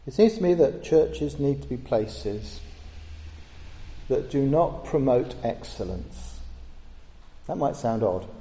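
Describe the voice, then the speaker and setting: A man's voice: medium pitch, sing-song, slow, pauses often, warm tone. A man preaching a sermon in a church, earnest and emphatic, lifting his voice on key words. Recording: echoey church hall.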